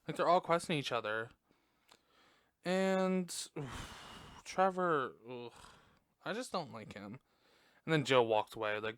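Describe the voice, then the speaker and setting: Speaking a little slowly and pausing often, a male podcast host recaps a movie in casual, profane chatter full of laughter. His fairly high voice has lively intonation and a smooth, fairly bright tone. He records dry on a close desk mic in a room at home.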